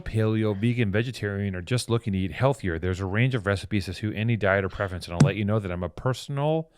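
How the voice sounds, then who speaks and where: A man co-hosting a casual podcast, swearing freely, laughing often, and getting excited between ad reads. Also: lowish voice. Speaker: podcast co-host. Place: hotel room.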